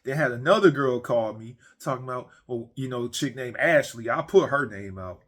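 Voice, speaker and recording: A man's voice: medium pitch, moderate pace, fairly bright tone. A man delivering a comedic rant from his man cave, swearing heavily, blunt and repetitive, often restarting his sentences. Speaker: ranting monologue creator.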